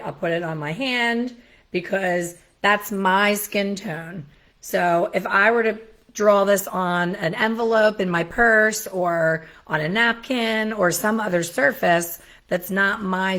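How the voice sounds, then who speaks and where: A middle-aged woman with a slightly low voice hosts a casual solo talk. She is chatty and self-deprecating, and she often breaks into animated asides. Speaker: hair colorist educator, show host. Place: home in Florida.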